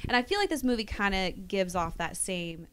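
A woman in her thirties talks about her work as an actress in a relaxed, rambling way. Her sentences loop around fillers like "like" and "you know". Her voice sits at an ordinary, middling pitch. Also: moderate pace, clean tone. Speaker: actress, interview guest. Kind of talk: casual chat.

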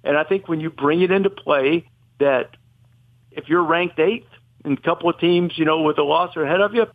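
Fairly high in pitch and brisk, this man's voice comes through with no echo over a tinny, phone-style line. He's guesting on a podcast for a casual college football debate, wandering through his argument, self-correcting, and full of opinions.

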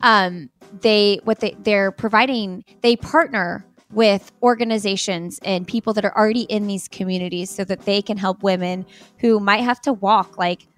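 A woman's voice: medium pitch, normal speed. Chatty American woman, laughing guest. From United States. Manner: chatty, laughs often, many fillers like "like". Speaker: podcast guest, marathoner. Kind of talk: casual interview chat.

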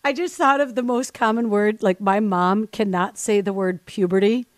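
A woman's voice: mid-range voice, fairly even intonation, moderate pace, no echo, studio quality, soft background music. A woman hosting a call-in radio show, teasing callers and laughing often. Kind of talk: lively call-in chat.

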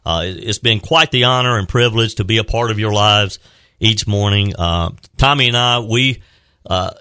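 A male radio talk show host in a studio, telling a story in a halting, earnest way with many restarts. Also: lowish voice, pushed and bright, clear, resonant tone, no echo. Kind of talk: heartfelt farewell talk and storytelling. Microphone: close studio microphone.

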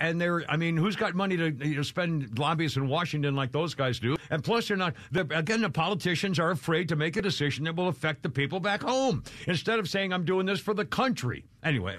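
A man's voice: fairly high pitch, lively intonation, fairly quick, hardly any pauses, a bit bright, dry recording. A man hosting a talk radio show in a studio, rambling and opinionated, often laughing and mimicking people. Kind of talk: casual talk radio chat. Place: radio studio with video cameras. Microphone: studio microphone.

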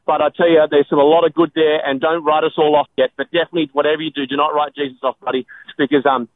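A man, a guest on a call-in radio show, speaking earnestly with many halting restarts. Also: a little high, level tone, phone-quality sound. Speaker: radio guest answering callers.

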